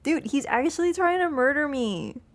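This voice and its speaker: A woman's voice: high voice, expressive, normal speed. A woman game streamer in casual live-stream chat, playful and chatty, talking to her cat between lines and laughing easily. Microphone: wearing an earbud headset.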